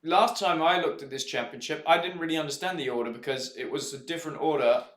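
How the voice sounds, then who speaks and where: Bright, excitable racing commentator. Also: male voice, on the high side, fast talker. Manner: chatty, joking, excitable. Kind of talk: casual live race commentary. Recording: roomy streaming setup.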